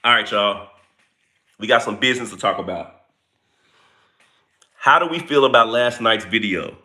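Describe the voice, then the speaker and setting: A man hosting a casual livestream, chatting playfully and greeting viewers by name in relaxed, informal speech. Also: lowish voice, normal speed. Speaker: livestream host greeting chat.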